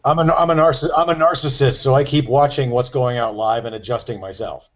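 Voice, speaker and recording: A man co-hosting a casual live-stream chat, joking and self-mocking in an animated way. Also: medium pitch, a little fast. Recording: dull lo-fi live-stream audio.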